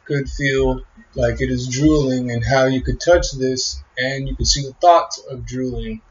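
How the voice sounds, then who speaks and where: A man talking in a rambling, halting monologue, full of fillers and trailing thoughts. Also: mid-range voice, slight background noise. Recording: muffled lo-fi recording.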